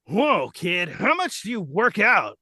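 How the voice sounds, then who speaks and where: A man voicing a cheerful, naive adult male martial-arts hero, loud and friendly. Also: high voice, huge pitch swings, takes it slowly, husky, dry recording, studio quality, pitched above the performer's own voice, exaggerated voice. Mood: cheery.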